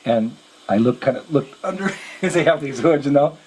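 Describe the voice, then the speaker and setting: A man's voice: medium pitch, moderate pace, a little hiss or hum, poor audio. A man, a monk, telling a story to his listeners and acting out the dialogue as he goes. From United States. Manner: lively retelling with acted-out quoted dialogue. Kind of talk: storytelling lecture.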